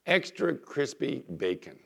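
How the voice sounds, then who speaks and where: A man's voice: medium pitch, a little slow, vocal fry, breathy edge. A man preaching in a chatty storytelling way. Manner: conversational storytelling, lively emphasis. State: recovering from illness. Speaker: pastor. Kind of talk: sermon. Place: church.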